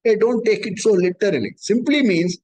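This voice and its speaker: A man's voice: high-pitched, fairly quick, darkish tone, poor audio. A man gives a scripture discourse as a spiritual teacher, explaining patiently and repeating key points.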